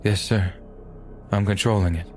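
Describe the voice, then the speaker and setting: A man voicing a badly injured twenty-year-old man, shaky, halting and pleading. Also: fairly low pitch, steady tone, faint music behind, close to an everyday voice. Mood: frightened.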